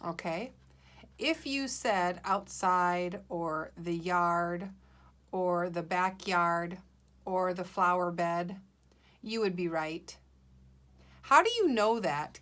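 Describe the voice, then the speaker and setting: A woman teacher giving a guided reading lesson to young children, slow, clear and encouraging. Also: on the low side, expressive, a bit bright.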